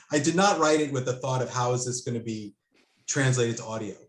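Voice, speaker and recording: A man's voice: medium pitch, normal speed, slight background noise. A man talking about his own work as a guest in a casual conversation, full of ums and restarts. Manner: hesitant, many fillers and restarts. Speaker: author and guest. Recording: roomy echo.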